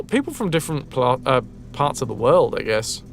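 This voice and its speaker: A man's voice: mid-range voice, very animated, moderate pace, creaky, a little hiss or hum. A man with a Yorkshire accent streaming a game, chatting casually, musing aloud and answering his chat. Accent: northern English, Yorkshire. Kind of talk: casual live-stream chat while gaming.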